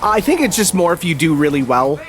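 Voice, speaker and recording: A man's voice: fairly high pitch, sing-song, a little fast, fairly bright tone. A young man chatting enthusiastically while commentating a video game, with lots of fillers. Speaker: host. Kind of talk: casual gameplay commentary.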